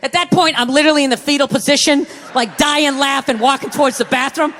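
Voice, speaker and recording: A man performing a stand-up routine, telling a story with animated, profane delivery and a constant "right?". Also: very high voice, quick pace. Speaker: stand-up comedian. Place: theater stage before a live audience. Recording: reverberant hall with crowd.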